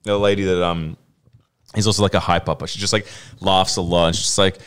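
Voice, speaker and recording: A young man, animated and laughing often in casual podcast chat. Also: deep voice, fast, clear, resonant tone. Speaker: podcast co-host.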